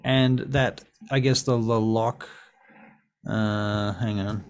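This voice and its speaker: A man narrating as game master of a tabletop game, casual and halting, with frequent ums and restarts. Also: fairly low pitch, steady tone, clear, resonant tone.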